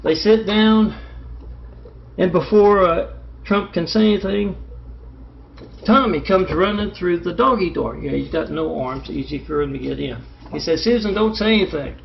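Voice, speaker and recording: A man's voice: high voice, measured pace, gravelly, a little hiss or hum. A man telling a rambling, meandering story that jumps between loose threads. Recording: echoey, dull lo-fi recording.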